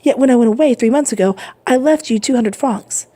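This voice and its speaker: A woman's voice: on the high side, brisk, warm tone, pitched above the performer's own voice, close to an everyday voice. Woman reading as an earnest young sailor. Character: young male sailor, earnest and devoted son.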